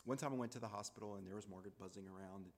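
Lowish voiced guy telling a heavy personal story, halting, lots of hall reverb. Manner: reflective, halting, with repeated phrases.

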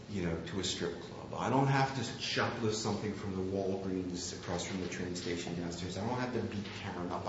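A man with a lowish voice preaches a sermon, sharing a candid, self-deprecating personal story. The room recording is very echoey and slightly dull, with background noise.

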